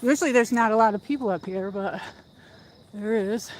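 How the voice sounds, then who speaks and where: A woman's voice: on the high side, darkish tone, poor audio. A woman hosting a casual livestream while walking up a hill in a park outdoors, chatty and rambling, out of breath, on a phone mic. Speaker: livestream host.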